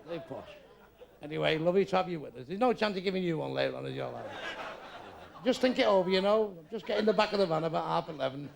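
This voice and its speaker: Heard over background noise in a live club recording, an older comedian works the crowd from a comedy club stage with blunt, crude teasing. He's a fast talker with a high, expressive, creaky voice.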